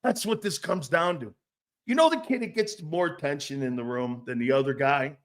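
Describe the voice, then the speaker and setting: A middle-aged man hosts a sports talk show with a fairly high voice. He talks bluntly and swears freely. He rants, reads out comments and mocks others. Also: normal speed. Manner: blunt, profane, mocking put-on voices.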